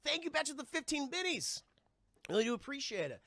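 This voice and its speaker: Gravelly, animated man reviewing films. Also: very high voice, fast, no echo. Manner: animated, profane, addresses chat. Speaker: film reviewer streaming to chat. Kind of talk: casual live-stream commentary.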